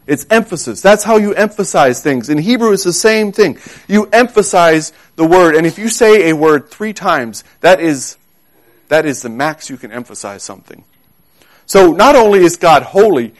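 A preacher with a fairly high voice delivers his sermon earnestly and emphatically, repeating key words to give them weight. He slows down whenever he reads scripture aloud.

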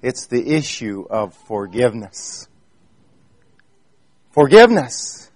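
A man's voice: sits high, no echo. An Amish man preaching a sermon, telling a personal story in an earnest way and speaking straight to his congregation.

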